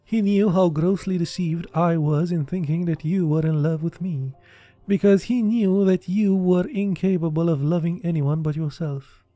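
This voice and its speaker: A man's voice: a little high, moderate pace, mellow, dry recording, soft background music. A man reading a classic novel aloud in a casual way, putting feeling into the dialogue and sometimes breaking off to joke. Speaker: audiobook reader.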